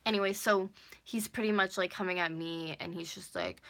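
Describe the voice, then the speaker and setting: A woman's voice: lowish voice, a little fast, a bit bright. A woman in her twenties telling a casual storytime vlog, rambling with a lot of "like" and the odd swear word. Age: 20s. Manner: rambling, heavy use of "like", swearing. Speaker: vlogger.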